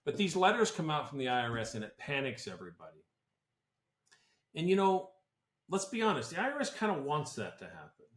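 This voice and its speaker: A man who advises on tax planning speaks briskly on a podcast, his fairly high voice swooping wildly in pitch. He's casual, blunt and opinionated, often restarting sentences, and the recording has a roomy echo.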